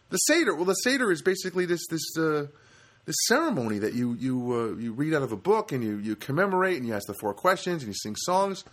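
A man's voice: mid-range voice, a bit bright. A man in his fifties rambling through a wry personal monologue, with lots of fillers and restarts.

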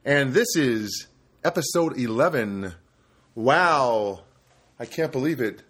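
Man, middle-aged, podcast host, from New Jersey, rambling, self-interrupting, casual monologue, mid-pitched voice. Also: expressive, slow, a bit bright, breathy edge. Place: studio apartment.

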